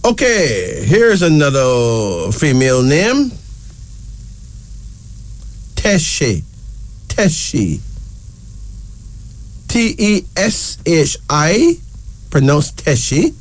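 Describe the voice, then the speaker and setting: A man hosting a casual talk show, slowly spelling out each name letter by letter and repeating words for emphasis. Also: a little high, wildly swooping pitch. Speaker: show host. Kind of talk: casual talk presenting names.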